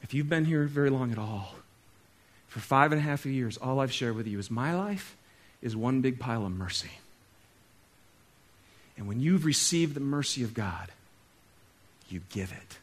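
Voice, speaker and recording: A male pastor preaching a sermon, talking straight to his congregation and swinging between loud exclaiming and soft, hushed stretches. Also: mid-range voice, expressive, moderate pace, pauses often. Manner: conversational, talks straight to the congregation.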